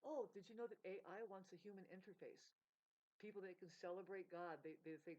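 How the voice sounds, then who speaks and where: A woman vlogger delivers a rambling, stream-of-consciousness monologue on spirituality and music, swearing and jumping between topics as her voice leaps up and down. Her voice is lowish, quick and a little mellow, and the recording is muffled.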